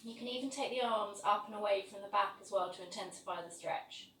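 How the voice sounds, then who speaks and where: A woman teaching a yoga class, calmly cueing each pose step by step. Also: medium pitch, a little fast, a little hiss or hum. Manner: calm step-by-step cueing of poses. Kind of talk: guided yoga class instruction. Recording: echoey room, voice from a distance, faint ambience.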